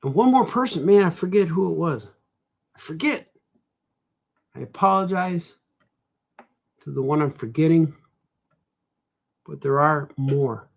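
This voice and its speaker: Slightly high-voiced man muttering while drawing. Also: lively intonation, measured pace, vocal fry, long pauses. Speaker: cartoonist and comic shop host. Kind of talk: casual drawing vlog, thinking aloud.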